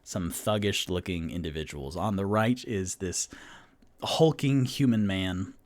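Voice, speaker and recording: A man's voice: low voice, measured pace, a little mellow. A man narrating a solo tabletop game as game master, casual and rambling, with many fillers.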